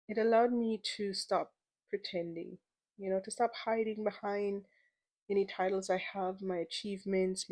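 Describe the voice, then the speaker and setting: A woman's voice: medium pitch, darkish tone. A young adult woman hosting her own podcast, chatty, playful and a little emotional, repeating words for emphasis. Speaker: podcast host. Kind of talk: casual solo podcast monologue.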